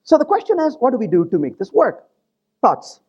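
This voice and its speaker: A man giving a live technical conference talk, animated and joking, who keeps turning to the audience with quick questions. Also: extremely high pitch, husky, dull audio. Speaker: conference presenter.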